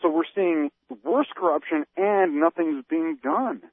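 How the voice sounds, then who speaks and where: Man, high and animated, ranting radio voice, slightly husky, tinny phone-line sound. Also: unhurried, no echo. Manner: animated, ranting with rhetorical questions. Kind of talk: political talk radio rant.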